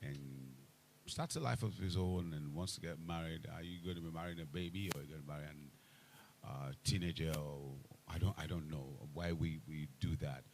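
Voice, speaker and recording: A man moderating a live panel, emphatic and repetitive, growing loud and animated, speaking into a microphone. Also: a bass voice, moderate pace, a little hiss or hum. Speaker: event moderator. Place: event hall with a microphone. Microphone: handheld event microphone.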